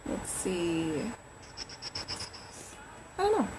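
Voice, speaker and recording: A woman's voice: fairly low pitch, wildly swooping pitch, drawn-out words, noisy background. Chatty woman thinking aloud on a livestream. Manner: chatty and rambling, reads names aloud while musing. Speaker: romance novelist livestreaming. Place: at home.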